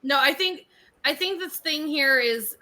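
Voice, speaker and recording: A woman's voice: high voice, measured pace, bright, forceful tone. A woman co-hosting a podcast, recapping a reality show in sassy, laughing casual chat with playful name-calling. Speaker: podcast co-host.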